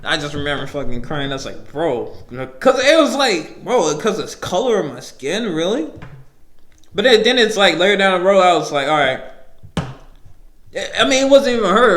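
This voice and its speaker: A man's voice: fairly high pitch, fairly bright tone, echoey room, a little hiss or hum. Young man rambling on his podcast. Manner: loose, rambling, profane, laughs between lines. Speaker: podcast host. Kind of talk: casual solo podcast storytelling.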